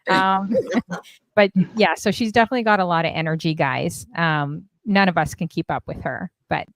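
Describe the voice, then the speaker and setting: A woman from Canada hosting a casual panel chat over a video call, chatty and animated with quick asides. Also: lowish voice, gravelly, no room sound. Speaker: host.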